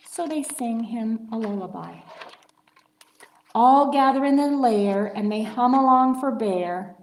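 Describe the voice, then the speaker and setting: A woman librarian reading a picture book aloud to children, slow and expressive. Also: a little high. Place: library story time room. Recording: roomy library room.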